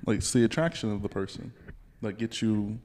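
A man's voice: on the low side, steady tone, fairly quick, a little mellow, slight background noise. A man hosting a podcast in casual chat, pressing his point and repeating it. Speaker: podcast host.

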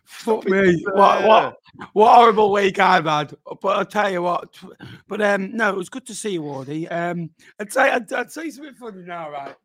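A man on a podcast, telling an animated anecdote and acting out both sides of the dialogue. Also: sits high, moderate pace. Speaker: podcast co-host. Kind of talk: casual podcast storytelling.

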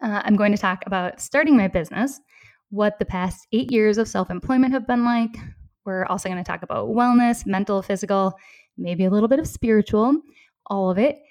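A woman in her thirties from southeastern Minnesota, US, hosts a solo podcast in a friendly, upbeat way, her Minnesota accent clear and small laughs slipping between phrases. Her medium-pitched voice is a little mellow and a little fast, with studio quality and no room sound.

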